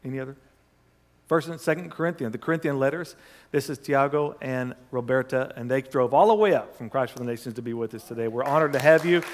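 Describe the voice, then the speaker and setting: A man's voice: mid-range voice, fast talker. A man preaching a sermon in a church, reading scripture with conversational asides to the congregation and leading prayer with rising fervor. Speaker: pastor. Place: church sanctuary. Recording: long hall reverb.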